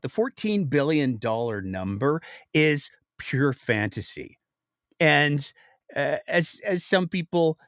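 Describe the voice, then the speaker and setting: Male podcast host, wry and sarcastic commentary, lively delivery. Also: a little high, no echo, clean studio sound. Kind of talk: casual commentary.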